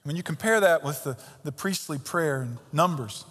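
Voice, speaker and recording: A man's voice: a little high, lively intonation, moderate pace, a bit bright. A man preaching a sermon as pastor, emphatic and conversational, with pointed rhetorical questions. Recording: long reverb of a large hall.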